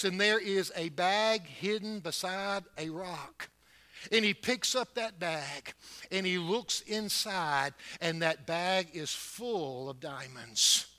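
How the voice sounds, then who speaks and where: A man preaches in a church building, surging up loud and then dropping low, speeding up and slowing down for emphasis. His voice sits high for a man and has a strikingly bright, sharp edge. It is a sermon delivery, direct and urgent toward the congregation. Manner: emphatic preaching with wide swings in loudness and pace.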